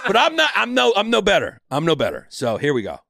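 A man in casual banter with friends, crude, excitable and quick to laugh. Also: high-pitched, creaky.

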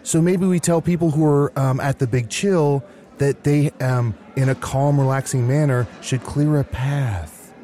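A man improvising in a role-play, animated and often incredulous. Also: medium pitch, a little slow. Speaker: player.

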